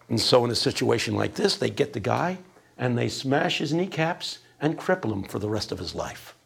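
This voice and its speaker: A man giving a classroom lecture, animated and full of rhetorical questions. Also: sits high, vocal fry.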